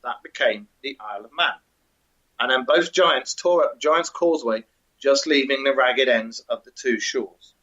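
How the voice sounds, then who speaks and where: A man's voice: medium pitch, normal speed, pushed and bright. A man co-hosting a show, reading out a folk tale and then chatting with dry humour. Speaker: co-host. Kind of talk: storytelling and casual chat. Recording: dull lo-fi sound.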